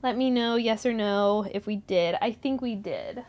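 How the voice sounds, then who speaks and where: Hoarse, giggly woman host, slow. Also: medium pitch, darkish tone. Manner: giggly, breaks into laughter often; clears her throat and coughs now and then. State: hoarse, recovering from a lost voice. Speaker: yarn shop live stream host. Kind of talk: casual live stream chat with viewers.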